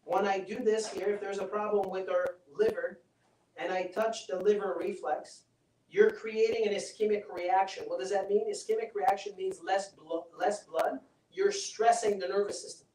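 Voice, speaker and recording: A man's voice: high-pitched, steady tone, moderate pace, a little mellow, slight background noise. A man giving a live health seminar, persuasive and chatty, often checking in with the audience. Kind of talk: live seminar talk with demonstration. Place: seminar room. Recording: roomy sound from a distant mic.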